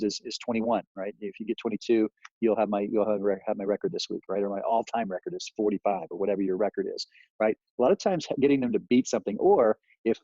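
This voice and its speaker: Rambling male sales trainer, mellow voice. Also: lowish voice, dry recording, dull audio. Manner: rambling, with many fillers and acted sales lines.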